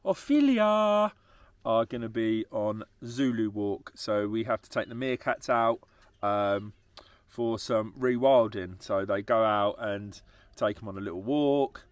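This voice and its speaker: A man's voice: lowish voice, fairly even intonation, unhurried, dry recording. A young man from England with an English accent, talking casually and laughing often as he speaks straight to his viewers. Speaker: travel vlogger. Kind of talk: casual vlog chat.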